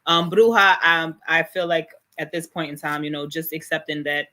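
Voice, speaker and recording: A woman talks casually as an interview guest. Her voice is bright and forward, and she speaks animatedly, slipping into acted-out quotes and laughter. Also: low-pitched, steady tone, normal speed. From Brooklyn, New York. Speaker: guest speaker, holistic healer.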